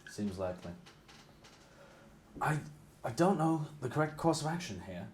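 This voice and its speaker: A man's voice: fairly high pitch, very animated, moderate pace, darkish tone, slight background noise. A man playing in a tabletop roleplaying game, musing hesitantly over what to do. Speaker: player.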